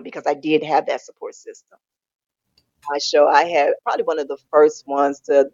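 A woman in her forties or older, a podcast guest telling her story candidly and animatedly. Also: no echo. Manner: animated, acts out quoted family voices in a high pitch. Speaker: interview guest. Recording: dull lo-fi dry sound.

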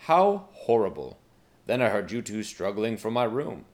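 A man's voice: fairly low pitch, sing-song, normal speed. A man playing a whiny, bumbling young king. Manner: whiny, earnest.

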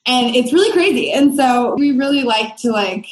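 A woman's voice: on the high side, expressive, moderate pace. A woman guest on a podcast interview, talking in an earnest, emphatic way. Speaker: guest, brand co-founder. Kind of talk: casual interview chat. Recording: echoey room.

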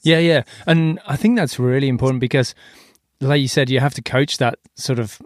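A man's voice: medium pitch, normal speed, a little hiss or hum. An Australian man hosting a podcast interview, telling stories in a loose, easygoing way with casual swearing. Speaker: podcast host.

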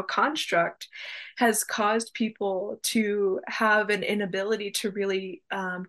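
A woman hosting a spiritual podcast, talking in a casual, animated way with many fillers and quick laughs. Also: medium pitch. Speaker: podcast host and reverend.

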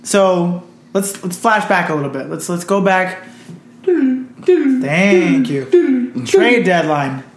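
A man's voice: high-pitched, big pitch swings, slow, pauses often, a little hiss or hum. A man co-hosting a casual sports podcast, breaking down trades and laughing often. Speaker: podcast co-host. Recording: echoey room.

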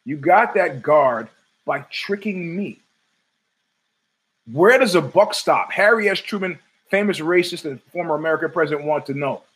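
Male podcast host, slightly high voice, sardonic and profane, solo rant from home. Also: lively intonation, moderate pace, a bit bright, poor audio. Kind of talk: ranting solo commentary.

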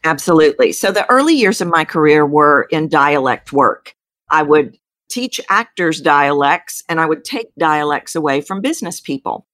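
Low-voiced Texan woman, dry close sound. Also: normal speed, no echo. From Texas. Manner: animated storytelling with pitch jumps. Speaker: voice coach. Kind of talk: interview guest.

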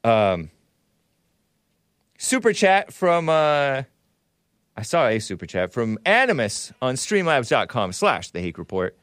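A man's voice: medium pitch, very animated, a little slow, pauses often, a bit bright, no echo, studio quality. A man hosting a call-in show, asking callers blunt, provocative questions. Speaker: talk show host.

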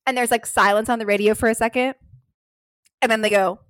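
A woman co-hosting a podcast in casual chat, animated, swearing and saying "like" often, breaking into shrieking laughter. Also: a little high, fairly quick, clear, resonant tone, no room sound, poor audio. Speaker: podcast co-host.

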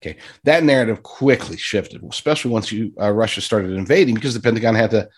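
A man's voice: fairly low pitch, animated, fast, breathy edge. A man giving sarcastic, rambling political commentary and addressing his listeners directly. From United States.

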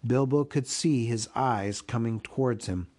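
A man reading a storybook aloud as a podcast host, with an expressive, unhurried delivery. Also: mid-range voice.

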